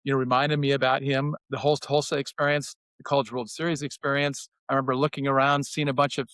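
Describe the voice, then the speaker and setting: A man's voice: medium pitch, fast talker, no echo. Older man telling team stories, dry. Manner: animated, acts out quotes in a raised voice. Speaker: former player sharing memories. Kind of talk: casual storytelling on a podcast.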